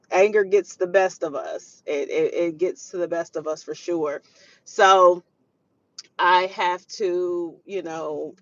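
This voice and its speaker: A woman's voice: on the low side, no room sound. Woman host, live stream, chatty and preachy, dull lo-fi sound, dry room. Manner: chatty, preachy, quotes scripture, greets viewers mid-story. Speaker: parenting show host.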